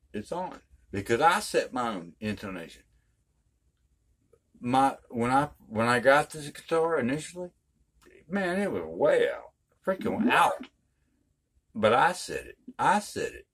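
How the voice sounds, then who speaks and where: A man's voice: mid-range voice, fairly bright tone, husky. An older man giving a casual guitar lesson in a folksy, emphatic way, repeating his points. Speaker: guitar teacher.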